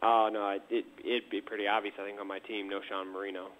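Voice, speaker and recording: A tired man co-hosting a fantasy football show, talking in a measured way and stumbling over his first words. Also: fairly low pitch, level tone, narrow, tinny audio. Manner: measured, stammers at starts. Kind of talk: casual chat.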